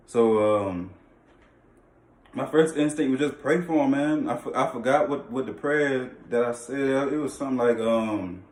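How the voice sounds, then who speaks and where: A man's voice: medium pitch, a little slow, a little mellow. Man vlogging an earnest testimony in loose slang, recorded echoey from across the room. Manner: earnest, repetitive, slangy, often restarts phrases. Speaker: vlogger sharing a faith testimony. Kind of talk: casual personal testimony. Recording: echoey room, distant mic.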